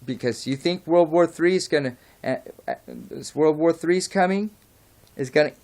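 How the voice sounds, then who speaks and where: A man's voice: a little high, normal speed, vocal fry, darkish tone. Rambling, heated man ranting on camera. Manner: rambling, heated, goes off track; swears and apologizes. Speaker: vlogger. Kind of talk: unscripted opinion rant.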